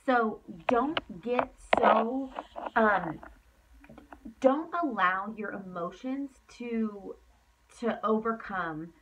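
A woman's voice: a little high, drawn-out words, fairly bright tone, distant mic, dull audio, slight background noise. Emphatic woman coaching her team. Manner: emphatic, repeats herself for effect. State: tired, yawning late at night. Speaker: team leader. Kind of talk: motivational coaching talk.

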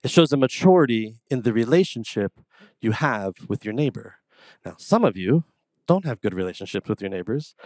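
A man preaching a sermon as pastor, telling casual stories in an animated, conversational way. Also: medium pitch, moderate pace, no room sound. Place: church sanctuary.

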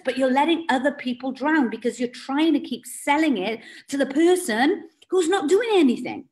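Woman, high register, emphatic motivational team trainer. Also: darkish tone. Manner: emphatic and direct, with rising exclamations. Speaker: network marketing team leader.

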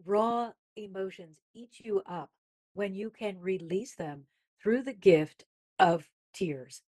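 A woman's voice: medium pitch, takes it slowly, a little mellow, breathy edge. A woman guest on a faith-based talk show, speaking emphatically and reflectively as she builds her points. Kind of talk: casual faith-based conversation.

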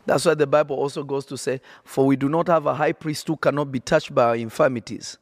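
A man's voice: medium pitch, steady tone, a little fast, no room sound. A man preaching on a podcast, emphatic and repetitive, often checking that listeners follow. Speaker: prophet and podcast host.

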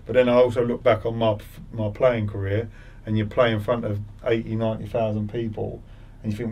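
A man's voice: on the low side, flat delivery, fairly quick, a little mellow, recorded from a distance. A man in his forties, a former footballer, chatting as a podcast guest with many restarts and repeated words. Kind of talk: casual interview chat.

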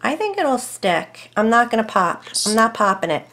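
A woman hosting a casual crafting tutorial at home, chatting to herself and her dogs as she works and thinking aloud over each choice, sometimes dropping to soft murmurs. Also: on the high side, sing-song, moderate pace.

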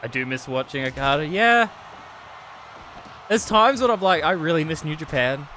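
Excitable man streaming a wrestling game. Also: fairly high pitch, normal speed, soft background music. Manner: excitable, swears and laughs often, swings from yelling to muttering. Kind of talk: live stream commentary.

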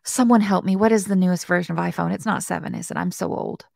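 This web development bootcamp host talks fast in a lowish, gravelly, darkish voice with a steady tone during her casual live-stream coding lesson. She's chatty and self-mocking, playfully engaging the chat directly, and the studio-quality audio has no room sound.

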